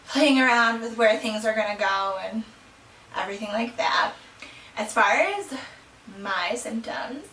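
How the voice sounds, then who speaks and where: A woman's voice: medium pitch, sharp tone, recorded from a distance. A young woman vlogging casually at home, rambling with fillers and a little out of breath. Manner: rambling, with many fillers and laughs. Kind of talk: casual chat. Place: small room at home. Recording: roomy, from off the mic, faint room hum.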